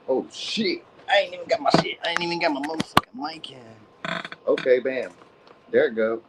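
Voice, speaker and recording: A man with a fairly high, expressive voice hosts a live tarot reading at a moderate pace, chatting loosely with viewers in slang and often saying "you know what I mean." It's casual live-stream talk, and the audio is very noisy.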